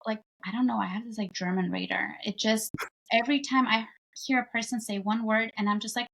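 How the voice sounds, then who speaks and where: A woman's voice: on the high side, fairly even intonation, fairly quick, vocal fry, fairly bright tone, slight background noise. A young woman talking casually as a podcast guest, chatty and full of "like" fillers. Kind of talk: casual chat.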